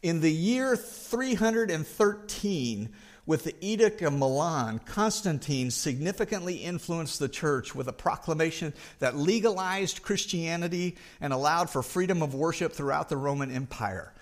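A man's voice: a little high, animated, moderate pace. A middle-aged man preaching a sermon as pastor, earnest, often repeating a word as he restarts.

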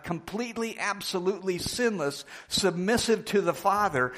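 Emphatic preacher, slow weighty delivery. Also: male voice. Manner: slow, emphatic, drops low and quiet on key phrases. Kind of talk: sermon with scripture reading.

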